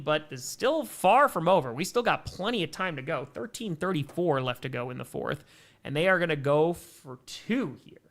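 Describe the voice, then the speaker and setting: Young male livestream commentator, bright and forceful tone, relaxed chat mixed with excited calls. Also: on the high side. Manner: casual, answers viewer chat between plays, bursts of excitement on big plays. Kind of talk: live play-by-play and chat reactions.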